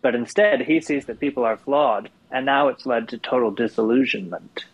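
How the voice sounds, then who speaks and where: Brief: reflective male guest, husky voice, mid pitch, pauses to think. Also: lo-fi sound. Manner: thoughtful, reflective, with hesitant fillers. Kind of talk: casual literary discussion.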